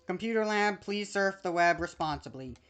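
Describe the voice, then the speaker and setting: A woman streamer plays through a game and reads its text aloud, chatting casually and correcting herself as she goes. Her voice sits at a middle pitch, with faint music playing underneath. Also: lively intonation, moderate pace, a bit bright.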